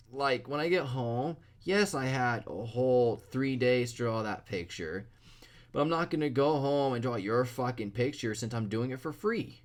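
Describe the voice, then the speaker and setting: A young man ranting blunt, profane advice to other artists in a casual vlog. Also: mid-range voice.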